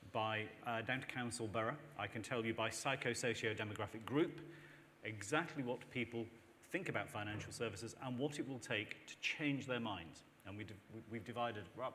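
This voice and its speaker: A man's voice: medium pitch, pushed and bright. A man argues his point on a conference panel, emphatic and persuasive. His voice sits in a medium register. It carries a long hall reverb over a faint background hiss. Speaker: panel speaker. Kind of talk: panel discussion.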